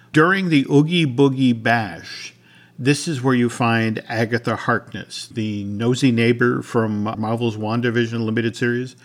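A man co-hosting a podcast, his voice sitting at a middle pitch. He chats loosely and often restarts his sentences. He shifts into a steadier, read-out manner for news items and sponsor lines. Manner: conversational, many restarts, reads sponsor copy. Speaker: podcast co-host. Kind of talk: casual chat and news reading.

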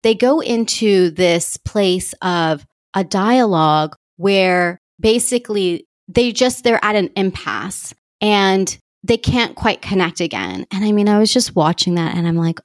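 A woman's voice: mid-range voice, expressive, moderate pace, hardly any pauses, dry recording, clean studio sound. A woman life coach in her thirties, talking openly and confessionally on her solo podcast and repeating herself for emphasis. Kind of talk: candid solo podcast talk.

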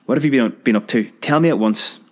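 Male narrator playing a bossy, shrill older woman, voiced well above his own pitch. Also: quick pace, natural voice. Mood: snapping. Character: fussy, frantic older woman, sweetheart.

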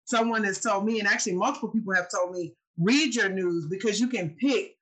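A woman's voice: mid-range voice, brisk, a bit bright, low-quality recording. A woman co-hosting a casual chat, telling stories in an earnest, emotional way. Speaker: co-host.

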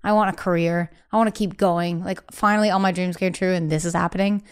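Young woman guest, smooth clear voice, candid storyteller who plays out quoted dialogue. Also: lowish voice, steady tone, fast. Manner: acts out quoted family speech, breathless bursts. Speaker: podcast guest.

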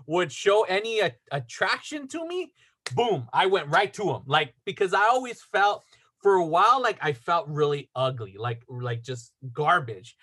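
Rambling through a story on a podcast, a man leans heavily on fillers and performs the quoted lines himself. He speaks at a moderate pace in a high, sing-song voice that's bright, forceful and husky.

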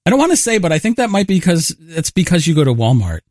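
Playful man chiming in with wild pitch swings. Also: very animated, darkish tone, no room sound, clean studio sound. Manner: quick playful interjections. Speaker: co-host. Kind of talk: casual livestream chat.

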